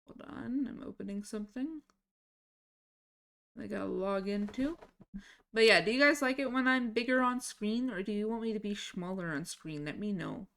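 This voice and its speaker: A woman's voice: medium pitch, moderate pace, vocal fry, a bit bright. Chatty, scatterbrained woman streamer. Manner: chatty, scattered, swears casually. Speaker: livestreamer. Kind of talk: casual live-stream chat.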